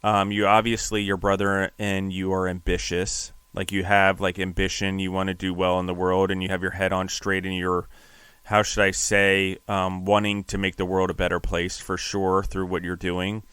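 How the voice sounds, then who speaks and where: A male podcast host with a very deep, flat voice that still sounds bright and crisp. He rambles through his questions and leans on filler words. The recording is dry and close. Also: normal speed, no room sound. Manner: rambling, fills with "like". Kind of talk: casual interview.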